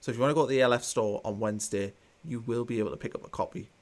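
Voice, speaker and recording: A chatty man of medium pitch talks at a racing pace as host of a live football watchalong. He reads viewer comments aloud with a mildly sarcastic edge.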